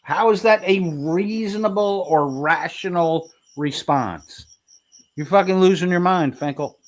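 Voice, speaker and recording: A man's voice: high voice, a little slow. A man commentating heatedly over replayed clips, mocking and taunting in a profane way. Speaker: streamer reacting to clips.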